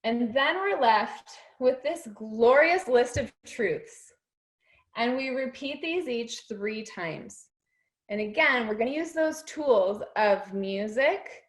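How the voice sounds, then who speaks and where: A woman's voice: fairly high pitch, rough recording. A woman leading a group mindset session over a video call, encouraging and emotional, laughing often.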